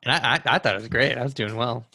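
A man's voice: medium pitch, racing, sharp tone. A young man with a slight lisp, hosting a casual podcast chat in a jokey way that often breaks into laughter. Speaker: podcast host.

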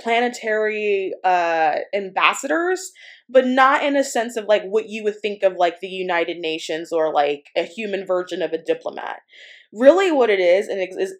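A woman with a mid-range voice tells a personal story in a loose, conversational way. She wanders through her thoughts, leaning on fillers and restarting her sentences as she goes. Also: medium pitch. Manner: rambling, many fillers and restarts. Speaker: spiritual channeler.

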